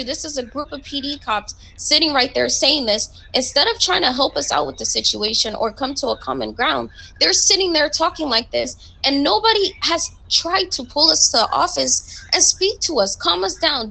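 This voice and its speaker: A woman's voice: high voice, animated, moderate pace, gravelly, few pauses, bright, forceful tone, poor audio. A woman in a roleplay game voice chat, heatedly complaining and confronting a superior. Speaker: roleplay police recruit. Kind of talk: in-character voice chat, arguing.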